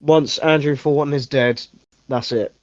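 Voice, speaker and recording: A man's voice: medium pitch, fairly even intonation, a little slow, darkish tone, dry recording. Rambling man, dull dry mic. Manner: rambling, self-correcting, swears casually. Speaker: podcast host. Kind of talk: casual movie review chat.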